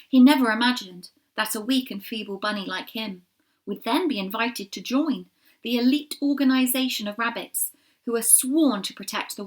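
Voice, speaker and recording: A woman reading a children's storybook aloud, expressive, with small slips and asides to her listeners. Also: mid-range voice. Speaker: reader.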